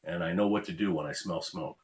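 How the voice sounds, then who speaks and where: A man's voice: sits low, fairly quick. A man, a former officer ranting bluntly and profanely to his viewers. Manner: blunt, profane, preachy warnings. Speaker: former law enforcement officer, channel host. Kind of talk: ranting monologue to camera.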